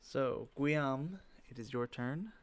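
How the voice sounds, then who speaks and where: A man running a tabletop game as game master, giving rulings and narrating the action in a relaxed way with frequent filler pauses. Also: mid-range voice.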